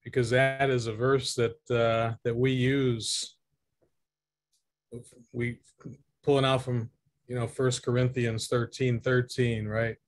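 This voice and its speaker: A man's voice: mid-range voice, flat delivery, slow, pauses often. A man hosting an online discussion over a video call, affirming his guests and putting questions to them in a conversational way. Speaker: host.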